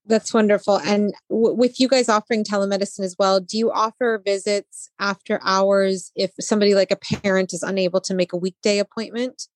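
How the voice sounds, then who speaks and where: A woman's voice: mid-range voice, fairly even intonation, a little fast, hardly any pauses, dry recording. A woman hosting a podcast interview, asking long friendly questions. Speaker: podcast host.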